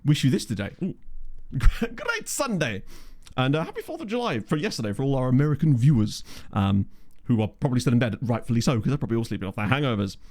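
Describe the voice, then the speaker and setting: A man's voice: medium pitch, wildly swooping pitch, fast talker, a little mellow. A man hosting a casual let's play, chatting and musing aloud as he plays and reads the live chat, on a USB condenser mic. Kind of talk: casual gameplay commentary.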